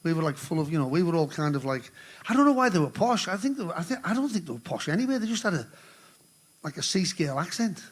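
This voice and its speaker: A man's voice: a little high, very animated, fast. An older man, joking and rambling between songs as he hosts a live charity concert on stage. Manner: rambling, swearing, joking with the crowd. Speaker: musician hosting a charity concert.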